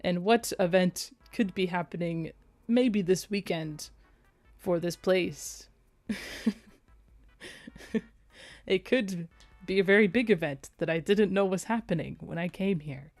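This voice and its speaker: A woman's voice: lowish voice, measured pace, a little mellow, no echo, faint music behind. A young adult woman streaming, chatting casually and playfully, with frequent giggles and rambling asides. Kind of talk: casual livestream chat.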